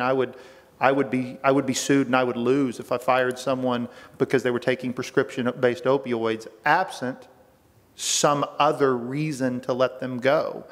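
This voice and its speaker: A man questioning a witness at a legislative hearing, pressing his argument and often restarting his sentences. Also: mid-range voice. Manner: pressing, argumentative, repeats words when restarting. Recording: long reverb of a hearing room.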